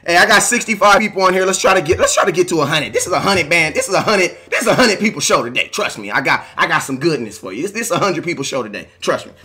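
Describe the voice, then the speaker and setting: A man hosting a casual live stream, shouting out viewers by name in a hyped, talkative way. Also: a little high, animated, fast, few pauses.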